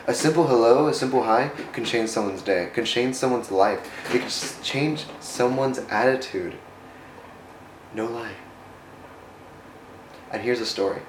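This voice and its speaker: A man's voice: on the low side, background noise. A man from the United States giving a casual, faith-based vlog talk in an earnest, rambling way, often restarting and correcting himself. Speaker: vlogger. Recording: roomy echo.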